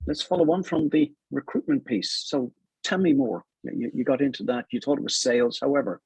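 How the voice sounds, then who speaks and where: A man's voice: mid-range voice, fairly quick, a little mellow, husky, no room sound, rough recording. A man hosting a radio interview show, guiding his guest along with conversational prompts. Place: radio studio.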